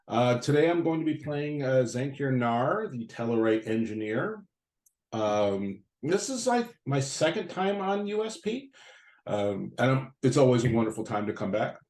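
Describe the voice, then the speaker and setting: A man's voice: medium pitch, lively intonation, moderate pace, a little mellow. A man introducing himself as a player in a tabletop game, hesitant with many fillers. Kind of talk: casual chat. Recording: roomy echo.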